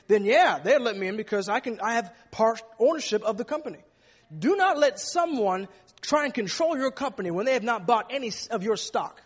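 A man delivers a sermon with a high, slightly breathy voice. He speaks emphatically and often doubles back on his words. Long reverb from a large church hall trails each phrase. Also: a bit bright. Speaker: preacher.

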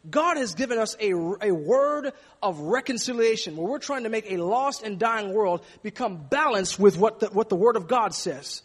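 A man's voice: high-pitched, expressive, moderate pace, few pauses, breathy edge, long reverb tail. A man preaching a sermon in an emphatic way, often repeating words as he goes.

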